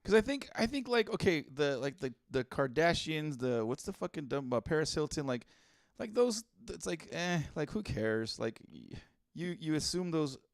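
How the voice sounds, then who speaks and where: Co-hosting a comedy podcast, a man with a fairly high, sing-song voice reads out listener posts at a moderate pace and riffs on them bluntly, full of fillers and swearing. The casual comedic chat is captured in a dry, clean studio.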